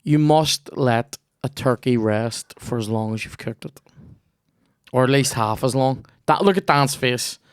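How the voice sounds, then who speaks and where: A man's voice: mid-range voice, unhurried, smooth, no room sound, clean studio sound. A young man with a Northern Irish accent hosting a podcast, rambling cheekily through ad reads and casual chat, swearing freely. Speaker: podcast host.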